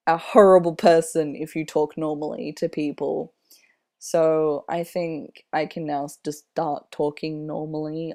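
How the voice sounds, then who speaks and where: A young man in his twenties with a slightly airy voice, talking casually in a personal vlog, unhurried and rambling with many fillers. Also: fairly high pitch, darkish tone. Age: 20s. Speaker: vlogger.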